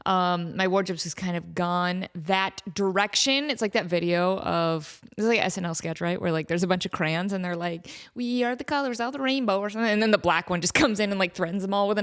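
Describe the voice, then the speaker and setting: A woman in her thirties hosting a casual solo podcast, tired after just waking up, rambling and self-mocking and quick to laugh. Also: mid-range voice, a bit bright. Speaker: podcast host.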